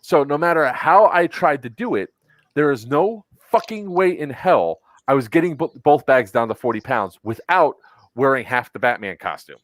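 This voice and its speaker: Profane, animated man telling a story. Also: medium pitch, moderate pace, no room sound. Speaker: podcast host. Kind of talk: casual storytelling chat.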